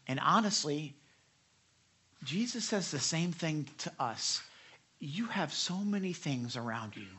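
A man preaching a sermon to a live church audience, animated and chatty, acting out quotes with many restarts and laughs. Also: a little high. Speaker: pastor.

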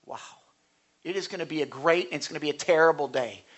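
A male pastor delivers a sermon with a high-pitched, bright voice. He keeps it conversational, putting questions to his listeners and rising into forceful emphasis. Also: quick pace, dull audio. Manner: earnest, conversational preaching with rising bursts of emphasis; asks the congregation questions.

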